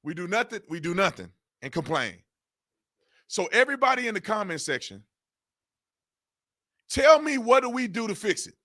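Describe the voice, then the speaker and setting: A man with a notably high, bright voice rants on his own commentary channel. He hammers the same rhetorical questions again and again in loose, informal speech, his pitch rising and falling in lively swings as his exasperation shows. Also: moderate pace, long pauses. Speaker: political commentary channel host. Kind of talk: ranting political commentary.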